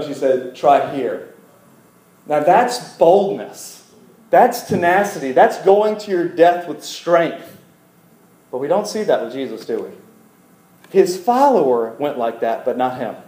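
A young male preacher tells the story in a loose, conversational way, animated and quick to throw questions and jokes at his audience. His voice sits a little high for a man. The sound carries the echo of a hall. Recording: echoey hall.

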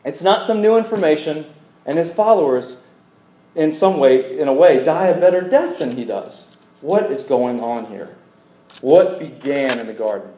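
A young man preaching in a conversational storytelling style to a live audience, animated and asking them questions, with joking asides. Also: on the high side, moderate pace. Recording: echoey hall.

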